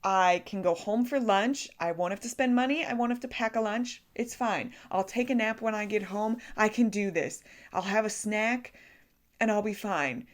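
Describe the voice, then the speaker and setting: A young woman vlogger telling a story about her day in a casual, animated way, laughing at herself often. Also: medium pitch, normal speed. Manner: animated, self-deprecating storytelling with frequent laughs.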